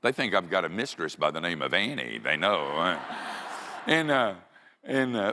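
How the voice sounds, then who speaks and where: Deep-voiced, animated preacher man. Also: normal speed. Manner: animated, jokey, breaks into high yells in stories. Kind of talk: humorous sermon storytelling. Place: large church. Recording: long church reverb.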